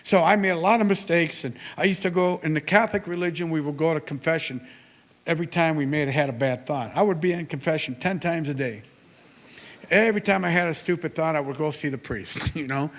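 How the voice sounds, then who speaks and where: A man in his sixties giving a motivational talk at a university, telling stories in a lively way with big rises and drops in his voice. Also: brisk. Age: 60s. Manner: animated storytelling with big swings in pitch and loudness. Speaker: motivational speaker. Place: university lecture hall. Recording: long hall reverb.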